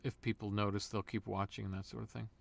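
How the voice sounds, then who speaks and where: A man guest voice actor in a casual interview, an animated storyteller. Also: fairly low pitch, quick pace, vocal fry, no echo.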